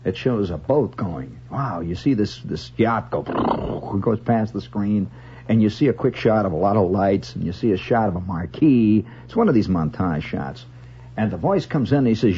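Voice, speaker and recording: A man's voice: lowish voice, lively intonation, normal speed, dark tone, slight background noise. A man hosting a radio monologue, reciting verse wryly and rambling into stories with comic asides. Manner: rambling storyteller who slips into comic voices. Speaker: radio host. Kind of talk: late-night radio monologue. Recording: lo-fi 1970s radio broadcast with guitar behind.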